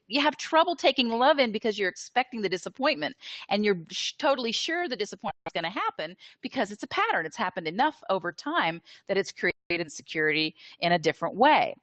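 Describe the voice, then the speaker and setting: A woman being interviewed as a therapist, explaining in an animated, conversational way with filler words, over a video call. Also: mid-range voice, dry recording. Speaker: interview guest, attachment therapist.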